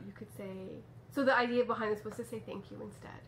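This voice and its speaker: Canadian woman, podcast host, chatty and rambling, slightly high, faint ambience. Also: fairly quick, few pauses, a little hiss or hum. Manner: chatty, rambling with fillers and restarts. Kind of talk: casual chat. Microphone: camera mic.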